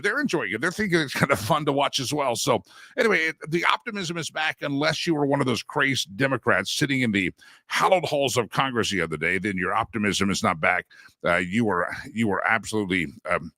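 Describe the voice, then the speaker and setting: A man's voice: bright, forceful tone, no room sound, clean studio sound. A man hosting a live political talk show, rambling and jokey, with many fillers and restarts. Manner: jokey, swings in pitch for emphasis.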